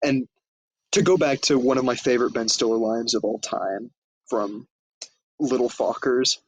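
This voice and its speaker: A podcast co-host with a husky, mid-range voice speaks at normal speed in a rough recording, loosely recapping a comedy film with plenty of profanity. He acts out the quoted lines as the chat goes along.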